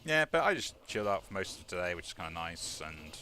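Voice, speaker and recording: A man's voice: sits low, very animated, fast, sharp tone, slight background noise. A man giving casual commentary while playing a video game, rambling with many fillers. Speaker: let's play host.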